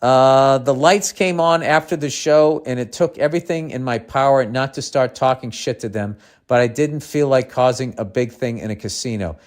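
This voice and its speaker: A man's voice: mid-range voice, normal speed, few pauses. A man hosting a podcast, reading a listener's letter aloud and breaking in with profane, sarcastic asides. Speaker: podcast host.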